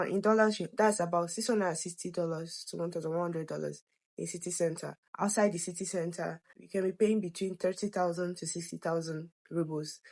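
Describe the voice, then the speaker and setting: A slightly hoarse woman, an education consultant, talking the viewer through figures in a conversational explainer video. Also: lowish voice.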